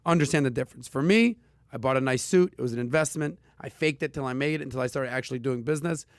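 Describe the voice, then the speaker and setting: A man hosting a casual personal finance podcast, talking with punchy emphasis and lively asides. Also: mid-range voice, fast, dry recording, clean studio sound. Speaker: podcast host.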